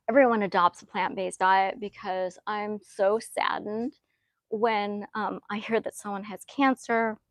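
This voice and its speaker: A woman hosting a live-stream question and answer session, speaking earnestly and often pausing with fillers as she reads comments. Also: mid-range voice, no room sound. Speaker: host answering viewer questions.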